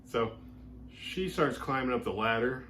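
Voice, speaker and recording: A man's voice: medium pitch, lively intonation, measured pace, noisy background. A man hosting a horror movie review show, recapping a film in a casual, rambling way with lots of filler words. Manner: rambling, heavy use of "like" fillers.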